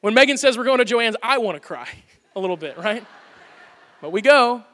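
Animated high-voiced pastor preaching in a hall. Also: male voice, moderate pace. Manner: animated, conversational, playful asides. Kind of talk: sermon. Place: church auditorium. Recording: hall reverb.

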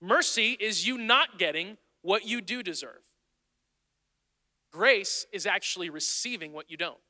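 A man preaches in an earnest, chatty style, circling back to the same phrases for emphasis. His voice sits high and rings very bright. A long reverb trails each line through the church hall. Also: animated, measured pace. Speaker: pastor. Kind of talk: sermon. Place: church sanctuary.

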